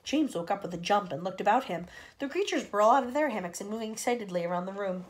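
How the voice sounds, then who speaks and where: A woman reading a children's storybook aloud in an expressive way and signing off to young listeners. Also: mid-range voice, fast talker.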